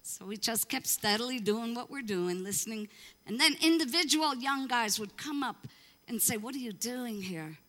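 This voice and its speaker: Bright high-voiced woman pastor, echoing hall. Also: normal speed. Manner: animated storyteller acting out quoted voices. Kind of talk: storytelling sermon.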